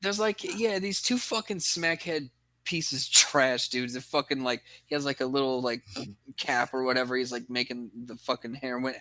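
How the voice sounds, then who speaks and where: Young guy podcast cohost, bright voice, dry close sound, rambling yarn full of swearing. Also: mid-range voice, moderate pace, no echo. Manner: rambling storytelling, heavy swearing. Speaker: podcast co-host. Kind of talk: casual chat.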